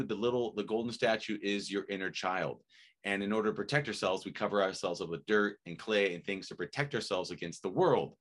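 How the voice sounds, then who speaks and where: A man hosting a casual interview who explains ideas in a rambling, animated way, often checking in with "right?". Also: lowish voice.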